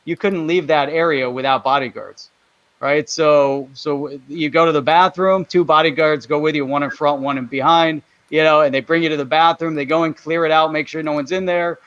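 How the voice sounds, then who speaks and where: A man co-hosting a live online show, telling a travel story in a relaxed, easygoing way. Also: a little high, normal speed, clean tone, no room sound, muffled recording. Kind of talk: casual storytelling chat.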